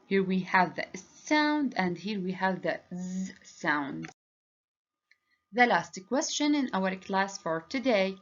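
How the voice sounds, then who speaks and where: A woman English teacher giving a lesson, speaking slowly and deliberately and praising answers. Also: mid-range voice. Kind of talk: recorded classroom lesson. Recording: dull lo-fi recording.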